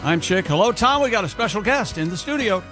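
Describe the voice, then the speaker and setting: A man's voice: high voice, lively intonation, fast talker, bright, forceful tone, soft background music. A man hosting a morning radio show, upbeat as he welcomes listeners and introduces the crew. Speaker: radio host. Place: radio studio.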